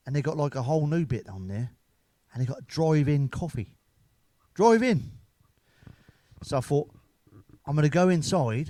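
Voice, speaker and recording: A man's voice: a little high, darkish tone, no echo. Sweary man telling jokes. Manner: sweary, blunt, laughing at his own jokes. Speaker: stand-up comedian. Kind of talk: casual stand-up storytelling.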